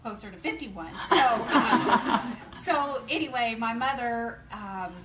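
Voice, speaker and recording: A woman's voice: on the high side, slow pace, echoey room, far from the mic, very noisy. A woman in her fifties from the American South, telling a chatty, laughing testimonial to a meeting audience. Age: 50s. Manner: chatty, laughing, animated storytelling. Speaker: company distributor speaking at a meeting.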